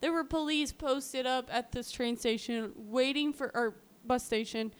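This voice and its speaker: Retelling a true-crime story in a chatty way, a female podcast co-host peppers her speech with "um" and "like" and acts out the quotes. She sounds high-pitched and smooth, keeping a measured pace and fairly even intonation.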